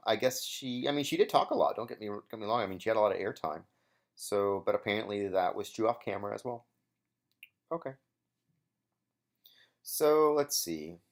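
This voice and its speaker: A young man giving casual solo commentary on an episode he once competed in, rambling and hesitant with many fillers and restarts. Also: mid-range voice.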